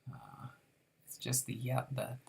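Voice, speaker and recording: Man, card collector host, slow rambling delivery, husky gravelly voice. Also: medium pitch, a little mellow. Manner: slow, rambling, with frequent fillers while reading names off cards. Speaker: trading card collector reviewing a set. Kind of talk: casual card review.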